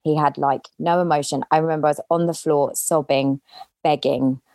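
A woman as a podcast guest, candidly telling a personal story in an animated way, acting out the lines she quotes. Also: sits low, moderate pace, no room sound.

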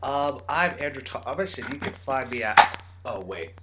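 A man co-hosting a casual movie review podcast, animated and acting out scenes as he talks. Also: mid-range voice, normal speed, heavy background noise. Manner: animated, acts out scenes in bursts. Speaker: podcast co-host.

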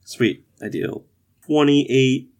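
A man playing a tabletop game, eagerly thinking out loud about his moves. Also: mid-range voice, extremely slow. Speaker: player. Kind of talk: casual tabletop play.

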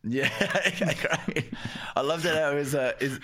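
A man's voice: on the high side, a little slow, noisy background. A man co-hosting a comedy podcast, teasing the others and telling stories. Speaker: podcast co-host. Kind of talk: casual comedy podcast chat.

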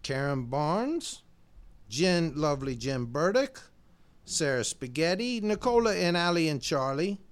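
A man hosting a podcast, casually rattling off listener shout-outs and laughing easily along the way. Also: a little high, big pitch swings, measured pace. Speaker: podcast host.

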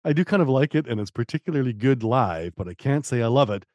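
A man's voice: medium pitch, lively intonation, fast talker, few pauses, a little mellow, dry recording, studio quality. A man co-hosting a podcast in casual chat, joking and hesitant with many fillers. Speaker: podcast co-host.

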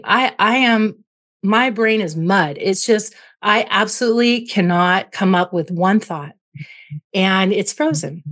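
This interview guest, a clinical psychologist, has a fairly bright, medium-pitched voice and a measured pace. She makes sense of emotions with everyday comparisons and checks in with "right?"

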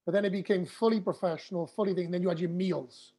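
Man, mellow husky voice. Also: high-pitched, fairly even intonation, fast talker. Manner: rambling, restarts sentences. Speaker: former professional rugby player. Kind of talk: casual podcast chat.

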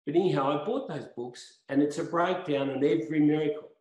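A male podcast guest tells meandering, impassioned stories during the conversation. His voice is a little high, a bit fast, and somewhat mellow, and the recording has a roomy echo.

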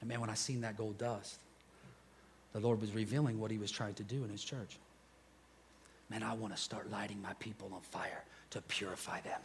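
A man preaching a sermon, telling his story with animated energy and dropping to a hushed intensity. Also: medium pitch, slight background noise.

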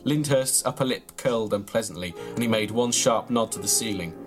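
A man, reading his own absurd comic story in a deadpan, mock-grand way, then bantering. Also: fairly low pitch, brisk, faint music behind. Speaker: comedian reading his own tall tale.

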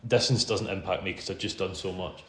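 A man's voice: low-pitched, steady tone, a little fast, fairly bright tone. A man with a Scottish accent, a podcast host now the guest, telling a long story in a chatty, self-deprecating way with frequent laughs. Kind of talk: casual storytelling in a podcast interview. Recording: roomy room sound with faint background hum.

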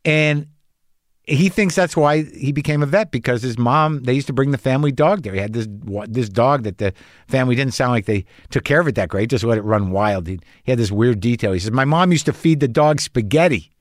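A man's voice: medium pitch, fairly quick, no echo. Anxious, rambling man with a dry sound. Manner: anxious, rambling, self-deprecating storytelling; frequent restarts and swearing. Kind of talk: casual monologue.

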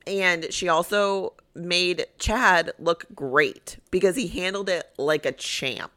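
A woman co-hosting a podcast in casual chat, chatty and quick to agree and add her own take. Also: fairly low pitch, sharp tone. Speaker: podcast co-host.

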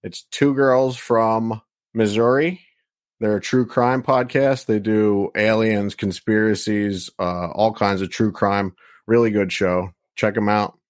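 Podcast co-host, male, low voice, dry close mic, rambling casual delivery. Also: steady tone, slow, no room sound. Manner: rambling, many restarts.

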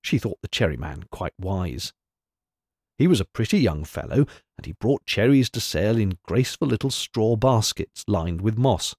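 A man reading a storybook aloud in an expressive, animated way. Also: on the low side, normal speed, no echo, studio quality. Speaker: narrator.

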